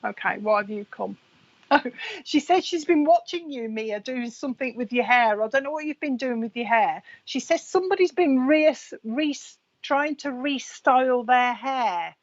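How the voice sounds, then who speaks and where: A woman giving a live mediumship reading in a fairly high voice. She chats easily, passes on messages to viewers by name and laughs often. The stream audio sounds dull and lo-fi. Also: animated, normal speed. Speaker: psychic medium.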